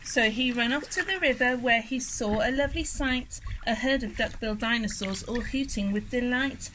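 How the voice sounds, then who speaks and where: Bright sing-song woman reading a story. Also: on the high side, moderate pace, a little hiss or hum, low-quality recording. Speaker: swimming teacher. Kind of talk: reading a rhyming picture book aloud. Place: at a swimming pool.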